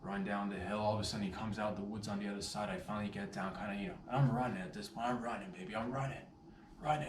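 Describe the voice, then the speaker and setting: Man, casual vlog storytelling, rambling and animated, lowish voice, echoey room, distant mic. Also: fast, slight background noise. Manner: animated, rambling, playful catchphrases. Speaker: vlogger telling a story. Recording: roomy echo, distant mic, faint ambience.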